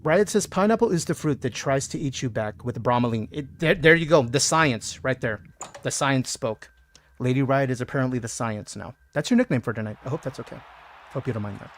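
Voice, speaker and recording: A man's voice: medium pitch, lively intonation, fast talker. Playful man chatting on a game stream. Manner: playful, jokey, reads chat aloud. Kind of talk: casual gaming stream chat.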